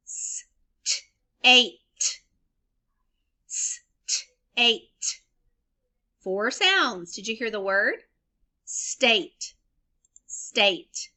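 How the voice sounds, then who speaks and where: Female elementary teacher, recorded lesson for little kids; slow, deliberate, clear spelling-out. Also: a little high, pushed and bright. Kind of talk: remote phonics lesson for young children.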